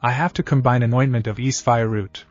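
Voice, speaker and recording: A man's voice: mid-range voice, steady tone, fairly quick, soft background music, lightly acted. Cocky boy ninja apprentice, snappy and grumbly, voiced by a male narrator in his own voice. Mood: grumbling. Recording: dull lo-fi audio.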